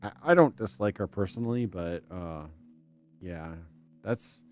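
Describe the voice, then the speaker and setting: A deep-voiced man hosting a live game stream. He talks in a loose, rambling way, ranting and restarting his sentences as he goes, and breaks off now and then to read in-game text aloud. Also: lively intonation, unhurried, clean tone, faint music behind. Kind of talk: casual live-stream commentary.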